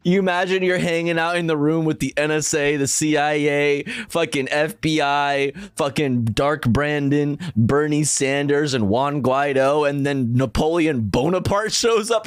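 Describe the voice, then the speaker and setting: A man's voice: fairly high pitch, unhurried, hardly any pauses, clear, resonant tone, no echo, studio quality. A man streaming live, reacting to donations with profane jokes and frequent laughter. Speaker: livestreamer. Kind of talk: casual stream commentary.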